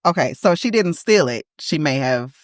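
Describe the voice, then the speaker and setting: A woman co-hosting a podcast in casual chat, emphatic and quick to laugh. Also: low voice, expressive, no echo, studio quality. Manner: chatty, laughs often, emphatic. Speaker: podcast co-host.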